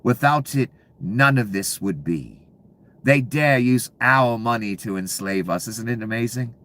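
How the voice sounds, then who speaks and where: Angry ranting man, lively swings. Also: measured pace. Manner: profane, ranting, swings between low mutters and loud bursts. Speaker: commentary channel host. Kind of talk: angry political rant.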